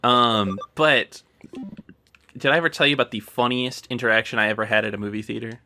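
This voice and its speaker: A man's voice: mid-range voice, steady tone, a little fast, pushed and bright. A young man hosting a gaming chat, rambling through an anecdote with fillers and laughs. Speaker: gaming channel host. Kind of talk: casual chat while playing a game.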